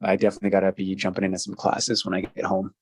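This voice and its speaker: A man's voice: low voice, monotone, racing, slight background noise. A man guest on a casual podcast, chatting in a playful, joking way. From Toronto.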